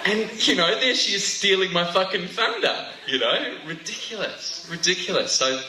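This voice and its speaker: Aussie guy doing stand-up, bright sharp voice, roomy venue sound, stumbles and jokes at himself. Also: high voice, lively intonation, moderate pace. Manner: chatty, self-mocking, stumbles over words. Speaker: stand-up comedian. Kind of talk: stand-up routine. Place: comedy stage before a live audience. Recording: roomy live venue sound, faint noise.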